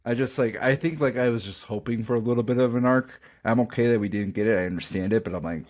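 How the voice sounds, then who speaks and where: Male podcast host, low voice, animated casual chat, pitch jumps when excited. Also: quick pace, hardly any pauses.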